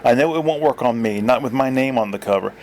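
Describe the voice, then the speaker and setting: A man voicing a calm, matter-of-fact party host in a story he reads aloud. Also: mid-range voice, fast, a little hiss or hum, natural voice. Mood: dry.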